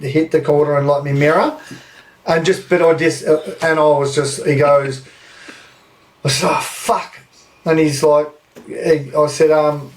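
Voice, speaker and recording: A man's voice: on the high side, distant mic. A man in his thirties with an Australian accent, telling a rambling anecdote on a podcast and swearing freely. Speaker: podcast host. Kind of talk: casual storytelling.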